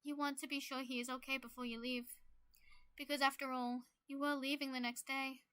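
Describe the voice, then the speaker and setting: High-voiced woman reading a story game. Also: little pitch movement, a little fast, a bit bright, clean tone, no room sound. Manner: emotional, gets teary. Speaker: game player reading aloud. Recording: game music behind.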